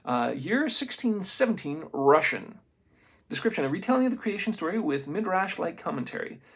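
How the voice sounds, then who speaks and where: Gravelly-voiced man reading aloud casually. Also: high-pitched. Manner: reads haltingly, stumbles on names, adds excited asides. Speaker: amateur reader of a book.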